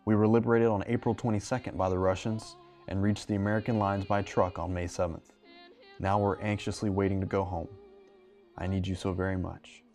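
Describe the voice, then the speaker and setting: A man reading wartime letters as a young soldier who writes tenderly to his sweetheart, in a gentle, measured way. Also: deep voice, little pitch movement, soft background music.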